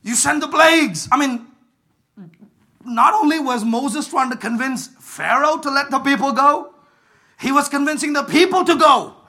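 A man preaching with a very high, ringing voice. He builds to fervent shouts and keeps prompting the congregation to answer back. His tone stays bright and cutting throughout the sermon. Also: animated, normal speed. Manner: fervent, rises to shouts and calls for congregation responses. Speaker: pastor.

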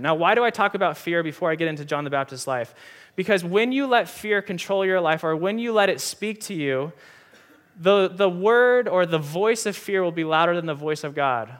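Brief: young male pastor, fairly high voice, earnest, emphatic sermon delivery. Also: a little fast, a bit bright. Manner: earnest, emphatic, repeats key lines for stress. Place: church hall with audience.

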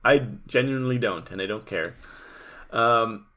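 A man's voice: medium pitch, unhurried, bright, forceful tone. Dry, sarcastic male co-host. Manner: dry, sarcastic, offhand remarks. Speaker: podcast co-host. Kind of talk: casual episode recap chat.

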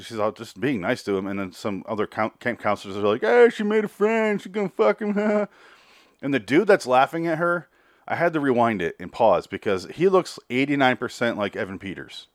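A man's voice: fairly low pitch, animated, normal speed, dry recording, studio quality. A man casually recapping a TV episode, rambling with crude jokes and acted-out quotes. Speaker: TV recap commentator.

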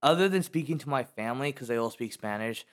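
A man's voice: medium pitch, animated, fast talker. Laid-back American male guest, thoughtful and reflective, drifts off mid-sentence. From United States. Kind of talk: casual chat.

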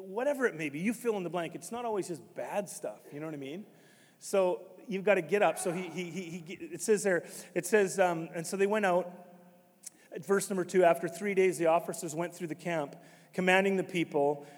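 A fairly high-voiced man preaches a sermon to his congregation, dropping to quiet, conversational asides and then bursting into loud, emphatic shouts. His voice rings out in a church sanctuary with a long hall reverb trailing behind every phrase. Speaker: pastor.

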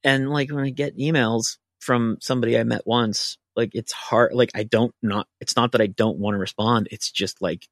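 A man's voice: mid-range voice, fairly even intonation, normal speed, hardly any pauses, no room sound, studio quality. A man, a writer, telling a long casual anecdote on a podcast, full of fillers and restarts. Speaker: writer guest.

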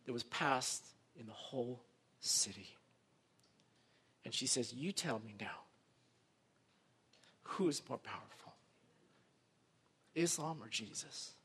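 A man preaching a sermon as pastor, telling a story with animated swings between loud exclamations and hushed retellings, acting out the voices he quotes. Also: a little high.

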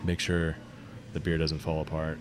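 A young man with a very deep voice chats casually about his work as a brewer. He rambles, pads his sentences with fillers and throws in the odd deadpan joke. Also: normal speed, over music. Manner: relaxed, rambling with many fillers and jokes. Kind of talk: casual chat.

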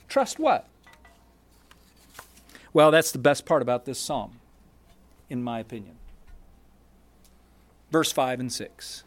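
A man delivers a sermon in a high voice. He speaks slowly and emphatically, breaking his points into short phrases and repeating key words with deliberate pauses. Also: very animated, fairly bright tone. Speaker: pastor.

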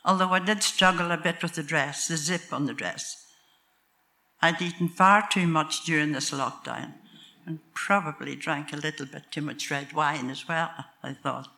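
Older northern irish woman telling her own story, wry and homely, really bright sharp voice. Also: deep voice, normal speed. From Northern Ireland. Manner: homely, wry, self-mocking. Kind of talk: live storytelling from memory.

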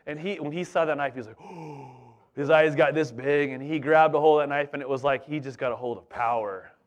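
Man, pastor, middle-aged, conversational sermon, animated, slightly high voice. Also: fast talker. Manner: animated, conversational, repeats "you know what I'm saying". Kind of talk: storytelling sermon.

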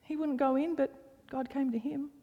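A woman's voice: high-pitched, steady tone, moderate pace, big-room sound, dull audio. A woman preaching a sermon, emphatic, repeating phrases for stress and sometimes dropping to a near whisper.

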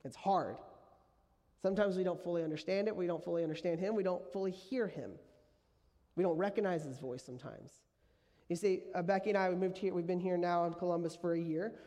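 A male pastor delivers a sermon in a relaxed, conversational way, repeating key phrases to drive them home. His voice sits high for a man. The sound carries a long reverb from a large church space. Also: fairly quick. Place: church sanctuary.

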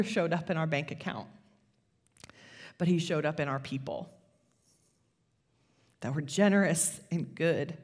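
Woman pastor preaching, chatty storytelling, lowish voice. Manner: conversational, animated storytelling with laughs. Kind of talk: sermon.

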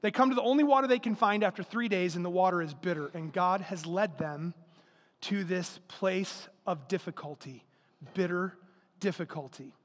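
A man's voice: high voice, moderate pace. A male pastor preaching a sermon in a conversational, emphatic way, full of rhetorical questions and repetition. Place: church service in a large hall. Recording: long hall reverb.

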